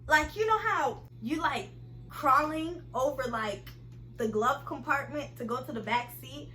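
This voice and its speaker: A young woman with a bright, forceful voice pitched a little high, chatting straight to her viewers. She tells her story in a loose, animated way and keeps breaking into laughter. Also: a little slow, slight background noise, poor audio. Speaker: vlogger. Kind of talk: casual storytime to camera.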